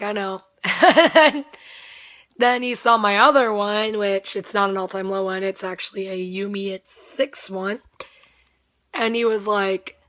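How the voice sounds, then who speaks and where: A woman's voice: medium pitch, fairly bright tone. A young woman with a strained voice, casually telling a rambling story, swearing freely and laughing often. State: voice strained, not at full strength.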